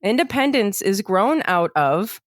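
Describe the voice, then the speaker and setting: A woman's voice: medium pitch, measured pace, no echo. A woman co-hosts a podcast and tells a rambling personal story, peppering it with "like" and "you know". Her voice sits in a middle register and sounds close and dry, with no room around it. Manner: animated storyteller, many fillers like "like" and "you know". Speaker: podcast co-host. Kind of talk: casual storytelling chat.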